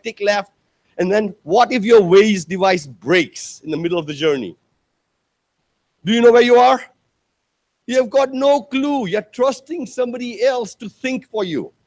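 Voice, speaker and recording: A man delivers a keynote in a conference hall, spinning animated stories and acting out quotes with big leaps in pitch. He speaks straight to the audience and throws out rhetorical questions.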